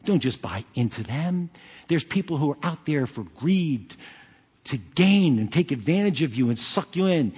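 A man's voice: on the high side, expressive, a little slow, a little mellow, slightly rough. Emphatic preaching man. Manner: emphatic, with joking asides. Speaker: pastor. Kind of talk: sermon. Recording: long hall reverb.

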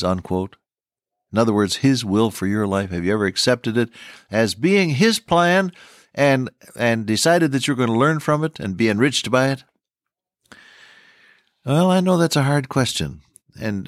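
A man's voice: medium pitch, no room sound, studio quality. An older man teaching the Bible on the radio, folksy and earnest, repeating his key lines. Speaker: radio preacher.

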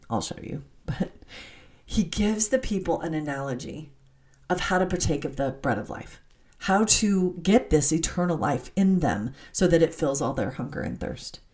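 Excitable woman teaching the Bible. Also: on the low side. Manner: animated, excitable, laughs while reading. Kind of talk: Bible teaching with scripture reading.

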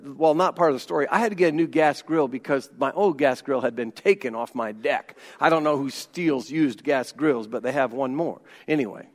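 Male pastor, high voice, emphatic sermon delivery with quiet intense drops and dry jokes, long church-hall reverb. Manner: humorous asides.

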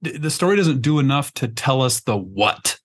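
A husky, medium-pitched male podcast host sounds animated and talks at a normal speed. His delivery is forceful and digressive, full of restarts as he reaches for words, and he swears freely in a casual way.

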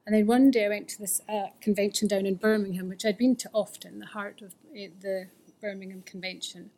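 Woman, husky tone, earnest first-person recovery share, drops to near-whispers. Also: mid-range voice, fairly even intonation, a little fast, a little mellow. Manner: candid and earnest, often dropping to a near-whisper. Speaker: fellowship member sharing her recovery story.

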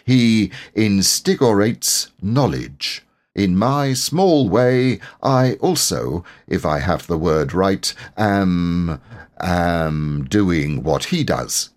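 A man voicing a gloomy, scornful old male donkey with a slow, heavy, solemn drawl. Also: sits low, lively intonation, full character voice.

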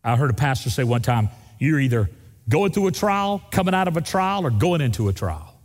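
A man preaching a sermon as pastor, asking the congregation questions and jumping high in pitch for emphasis. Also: big pitch swings, brisk. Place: church sanctuary. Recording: long hall reverb of a church.

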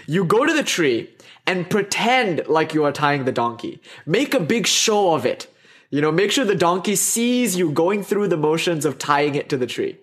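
A man voicing a calm, confident stranger who offers soothing advice in a told story. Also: a little high, normal speed. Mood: reassuring. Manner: soothing, reassuring.

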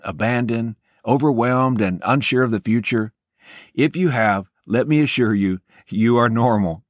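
A man's voice: medium pitch, no room sound, studio quality. Earnest man giving a devotional talk. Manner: earnest, encouraging and personal. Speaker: podcast host and devotional teacher. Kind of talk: short devotional podcast talk.

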